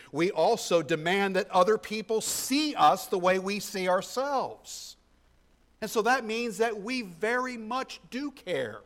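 A man preaching a sermon as pastor, moving between loud emphasis and hushed tones and repeating key phrases. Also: on the high side.

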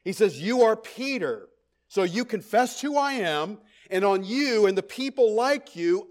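A middle-aged man preaching a sermon, stressing his points, repeating key phrases and checking in with the congregation. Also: a little high. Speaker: pastor.

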